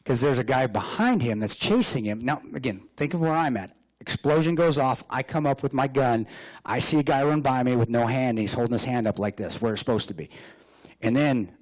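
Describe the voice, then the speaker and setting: A man giving a lively storytelling speech as a guest speaker, joking and laughing often. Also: medium pitch, a little fast. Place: hotel banquet room.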